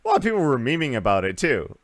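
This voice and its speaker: A man's voice: mid-range voice, huge pitch swings, very fast, no echo, clean studio sound. A man hosting a casual gaming podcast, rambling through news with lots of uhs and restarts. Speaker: podcast host.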